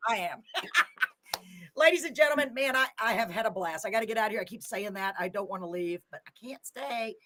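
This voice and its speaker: Bright, chatty woman host. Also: mid-range voice, animated, a little fast. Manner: effusive, chatty, laughs often. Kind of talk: casual live show chat.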